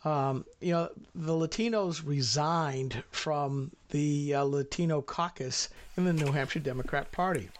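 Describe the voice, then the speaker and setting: A middle-aged man co-hosting a political talk show, talking in a rambling, folksy way with frequent halting restarts. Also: fairly high pitch, slight background noise.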